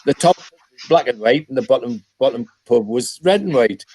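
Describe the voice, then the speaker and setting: A man's voice: medium pitch, expressive, moderate pace, darkish tone, slightly rough, no room sound. An older man from North East England in casual chat, telling rambling anecdotes with chuckles and restarts. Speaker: podcast panelist.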